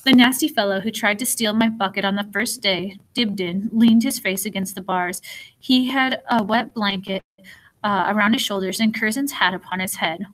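A woman's voice: medium pitch, moderate pace, rough recording. Woman narrating an audiobook. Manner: even, first-person storytelling with small slips.

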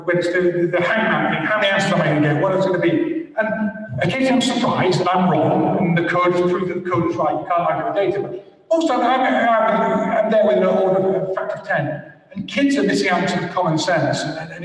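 High-voiced older man lecturing in an echoey hall. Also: a little fast, far from the mic. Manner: enthusiastic, anecdotal, rambling. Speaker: guest lecturer. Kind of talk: lecture answering questions.

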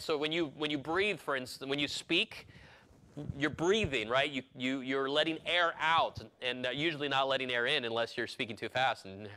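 A man's voice: on the high side, pushed and bright. A male pastor preaching a sermon in a church, shifting from easygoing conversational asides to emphatic declarations. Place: church sanctuary.

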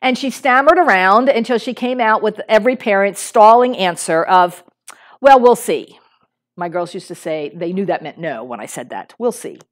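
A woman's voice: normal speed, hardly any pauses. A middle-aged woman pastor giving a sermon in a conversational way, with fillers and restarts. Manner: acts out a small boy's lines in a higher voice when telling a story.

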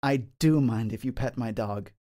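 A man voicing a cloaked forest warden who haggles smoothly and lectures pedantically about his dog. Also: mid-range voice, normal speed, dark tone, lightly acted. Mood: smug haggling. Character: cloaked male forest warden with a mastiff, smug.

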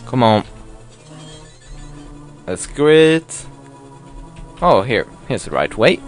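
A man's voice: mid-range voice, sing-song, drawn-out words, long pauses. Rambling man narrating his gameplay. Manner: rambling, self-mocking, apologetic, swears. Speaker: let's play gamer. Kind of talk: casual game commentary. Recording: faint game music behind.

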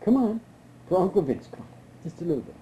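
A woman's voice: fairly low pitch, very animated, quick pace, dark tone, a little hiss or hum, rough recording. A woman at home in a casual family chat, encouraging a small child to dance. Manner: encouraging a toddler. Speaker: family member. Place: indoors at home.

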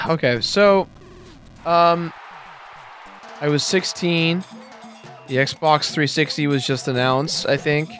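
A man's voice: a little high, fairly even intonation, slow, pauses often, fairly bright tone. A man in his twenties co-hosting a gameplay video, telling a rambling anecdote with casual commentary. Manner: rambling anecdotal storytelling, laughs at own punchlines. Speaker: let's play co-host. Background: faint game music.

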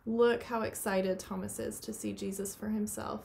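A woman teaching a children's Bible lesson from her home playroom, talking gently to the kids and asking them questions. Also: mid-range voice, steady tone, normal speed, vocal fry, noisy background.

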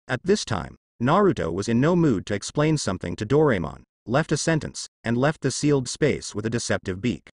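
A man reads translated fan fiction aloud, steady and unhurried. His pitch rises and falls a lot, which keeps the story moving. The recording is dry, close and free of room sound. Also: no echo. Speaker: narrator.

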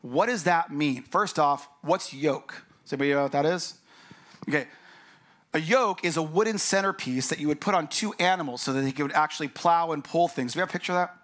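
High-voiced man preaching a casual sermon. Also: brisk, fairly bright tone. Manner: conversational, acts out quoted voices. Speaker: pastor.

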